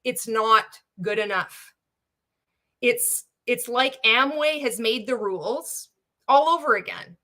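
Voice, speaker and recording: Angry woman vlogger going off, curses a lot, sarcastic, bright kinda high voice. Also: slow pace. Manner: angry, sweary, sarcastic, mock-quoting others. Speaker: anti-MLM content creator. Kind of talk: impassioned rant to camera.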